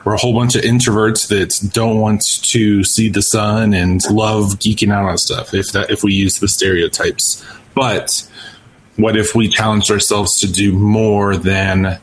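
A man's voice: on the low side, flat delivery, a little slow, slight background noise, low-quality recording. A man on a podcast talking earnestly about church technology work. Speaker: podcast co-host. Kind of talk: casual podcast chat.

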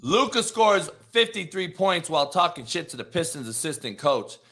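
A man giving a heated, profane sports rant, repeating himself and now and then breaking into shouts. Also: a little high, big pitch swings, normal speed. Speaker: sports commentator.

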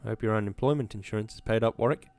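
A man's voice: fairly low pitch, rapid-fire, a little mellow, no echo, natural voice. A man voicing a cocky young college-boy worker. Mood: defiant. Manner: cocky, mocking. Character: defiant, sarcastic young male college-boy mill worker.

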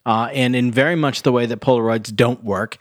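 A man's voice: mid-range voice, steady tone, fairly quick, no echo. A man co-hosting a podcast, chatting casually about a movie, rambling with frequent laughter and swearing. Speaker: podcast co-host. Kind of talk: casual movie review chat.

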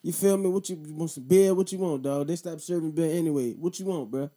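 A man's voice: fairly high pitch, fast talker, mellow. A man in his thirties hosting a casual show, telling a profane, slangy story and then talking about voting. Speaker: podcast host.

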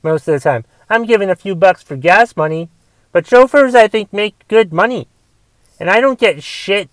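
Grumbling young man with a smooth voice. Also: sits high, animated, moderate pace, a bit bright, no echo. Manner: grumbling, rambling with restarts and swearing. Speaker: podcast host. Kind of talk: casual solo podcast rant.

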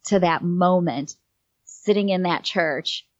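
Low-voiced woman telling a story. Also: slow pace, no room sound. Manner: rambling, fills with um and like. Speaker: guest. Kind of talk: casual storytelling. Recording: dull, slightly lo-fi dry sound.

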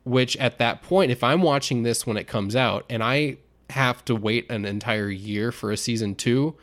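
Young adult male podcast co-host; casual, animated storyteller who acts out quotes. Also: mid-range voice, moderate pace.

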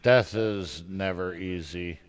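Slow low-voiced guy, smooth tone, casual chat, jokey then halting on heavy stuff. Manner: halting, repeats words when serious; joking and crude in light moments.

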